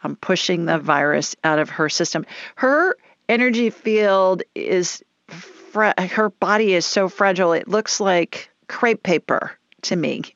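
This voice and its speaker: A woman hosts a call-in show, easygoing and reassuring as she talks callers through their worries. Her voice sits low with a gravelly fry. The sound is dry and a little muffled. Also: measured pace, a bit bright, no echo. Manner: chatty, reassuring, folksy. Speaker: call-in show host, energy healer.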